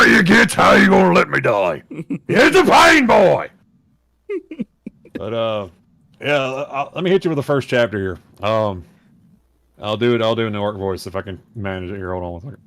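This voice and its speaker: A man's voice: on the low side, clear, resonant tone, no room sound. A man co-hosting a podcast, chatting casually in a rambling, self-mocking way. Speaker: podcast co-host. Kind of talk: casual chat.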